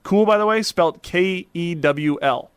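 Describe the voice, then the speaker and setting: A man co-hosts a podcast in a relaxed, playful way, teasing his partner and reading out listener notes. His voice sits a bit high, and the sound is dry and close. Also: normal speed, clean tone, no room sound. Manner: playful, teasing, reads listener messages aloud. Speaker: podcast co-host. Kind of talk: casual podcast chat.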